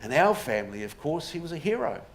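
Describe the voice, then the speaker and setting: A man's voice: a little high, big pitch swings, quick pace, vocal fry. Wry New man lecturing. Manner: storytelling with wry humour and rhetorical questions. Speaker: associate professor giving a public talk. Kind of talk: public lecture. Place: pub before a live audience. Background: audience laughter, faint room noise.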